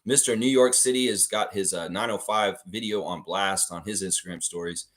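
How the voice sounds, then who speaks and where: A man's voice: lowish voice, steady tone, moderate pace. A man hosting a live sports reaction stream, ranting profanely about the game. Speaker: livestream host.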